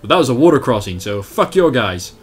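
A young man talks through his game at the desk, his voice rising and dipping all over the place as he swears at the screen and mocks himself. Keys clatter under his speech and faint game music runs quietly behind him. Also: mid-range voice, quick pace, slightly rough. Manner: animated, swearing, self-mocking, talks to the game. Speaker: let's play host. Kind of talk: casual gameplay commentary.

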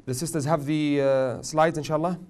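A man teaching a tajweed class, questioning his students often and joking gently. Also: a little high, fairly even intonation, moderate pace. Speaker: Quran recitation teacher.

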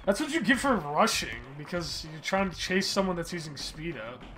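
High, lively young man streaming. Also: normal speed. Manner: loud, teasing, shouts at game events. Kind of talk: casual gaming chat with friends.

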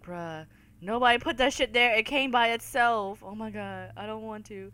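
This gaming video host plays a horror game while addressing viewers as y'all, cursing and jumping with loud frightened cries. Her voice sits on the high side, clear and resonant at a moderate pace, with no echo.

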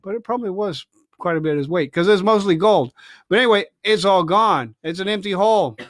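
A man reading a novel aloud at home on a livestream, expressive, with chatty asides. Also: high voice, a little fast, no echo, studio quality. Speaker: reader. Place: family home, indoors.

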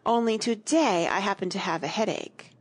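A woman voicing a fussy, boastful boy twin with a petulant, excitable manner. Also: medium pitch, normal speed, close to an everyday voice.

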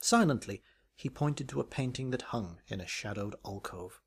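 A man's voice: mid-range voice, expressive, normal speed, vocal fry, breathy edge. A man reading a comic parody story aloud in a dry, wry, arch manner. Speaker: narrator.

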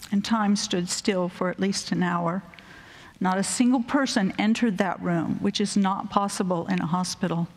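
A middle-aged woman tells a personal faith story in a measured, earnest way, her voice sitting at an ordinary middle pitch. The sound carries the long reverb of a large chapel auditorium. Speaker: professor giving a chapel talk. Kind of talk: personal faith testimony and prayer.

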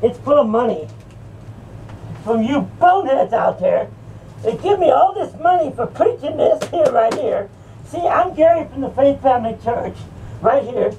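A woman's voice: high-pitched, very animated, normal speed, mellow, highs cut off, slight background noise. A woman voicing a drunk, scornful male hypocrite preacher who taunts and brags in a rowdy comic rant. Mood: mocking. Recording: distant mic with faint music.

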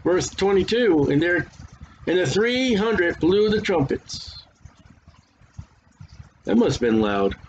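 A man's voice: sits high, sing-song, slow pace, pauses often, slight background noise. A man preaching a sermon and reading scripture aloud, talking casually and stumbling over hard names, his voice worn. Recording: dull lo-fi recording.

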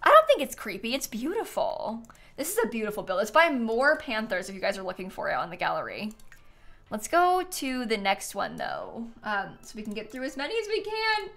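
A woman's voice: a little high, huge pitch swings, brisk, a bit bright. A woman streaming a game, gushing and giggling in casual live commentary.

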